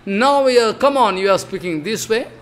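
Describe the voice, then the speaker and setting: A man's voice: high voice, animated, moderate pace, fairly bright tone. An older man giving a devotional discourse, chanting verses and explaining them with repeated emphatic phrases. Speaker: spiritual teacher.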